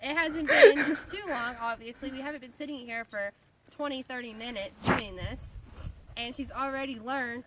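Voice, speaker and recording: Woman trainer, slightly high-pitched, chatty instructional commentary from horseback; noisy outdoor take with hoofbeats. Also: normal speed. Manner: chatty, repeats key words for emphasis. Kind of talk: instructional commentary while riding.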